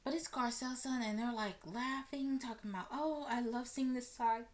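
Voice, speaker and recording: A woman hosting a casual talk podcast, giving blunt and animated commentary and swearing freely. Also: a little high, normal speed. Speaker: podcast host. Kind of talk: casual commentary on celebrity news.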